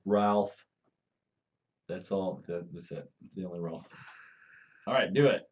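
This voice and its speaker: A man's voice: low-pitched, unhurried, dull audio. Joking man riffing on a stream. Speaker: co-host. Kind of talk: casual live-stream banter.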